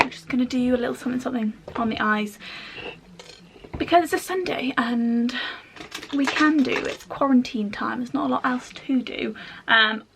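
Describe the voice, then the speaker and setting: A young woman talks casually through a makeup tutorial. Her voice sits high, with a gravelly fry at the ends of phrases. She keeps things slangy and chatty, with a faint hiss of noise behind her. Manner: chatty and slangy, with soft half-whispered asides. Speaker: beauty vlogger.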